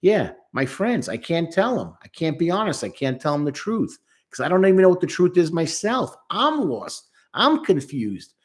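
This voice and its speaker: Guy therapist talking thru a song, kinda high voice, emphatic, acts out the lines. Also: very animated, moderate pace. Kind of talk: song breakdown commentary.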